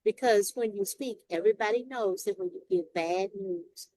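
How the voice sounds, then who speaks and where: A woman's voice: mid-range voice, moderate pace, dark tone, no room sound, rough recording. A woman with a Southern Texas accent, a longtime Toastmasters member speaking emphatically in a casual group discussion.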